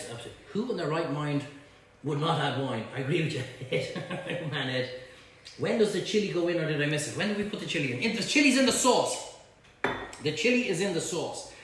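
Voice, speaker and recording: Male cook-along host, cheeky and blunt, a little high, recorded in a ringing kitchen. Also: a bit bright. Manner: chatty, blunt, banters with viewers. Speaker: cooking show host. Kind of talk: live cook-along demonstration. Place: home kitchen. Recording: echoey kitchen, faint hum.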